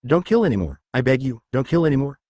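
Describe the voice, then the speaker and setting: A man's voice: medium pitch, very animated, quick pace, dark tone, dry recording. A man voicing a desperate young girl who pleads for other people's lives. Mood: pleading.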